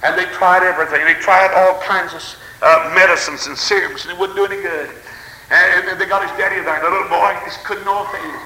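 A middle-aged man, preaching a fervent sermon, telling stories with stammering restarts and breaking into shouts of praise. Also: sits high, fairly even intonation, a little fast, reverberant, poor audio. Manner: stammering restarts, folksy storytelling.

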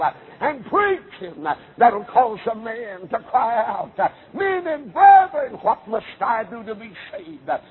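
Preacher chanting sermon, tinny audio. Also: male voice, sits high. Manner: chanting cadence with an "uh" before nearly every phrase. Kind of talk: revival sermon. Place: auditorium, televised service. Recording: tinny, phone-like broadcast audio.

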